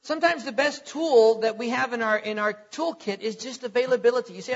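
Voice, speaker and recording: A man's voice: extremely high pitch, brisk, hardly any pauses. A middle-aged man preaching a sermon in a conversational way, repeating words and chuckling between points. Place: church hall. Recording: lo-fi recording in a reverberant hall.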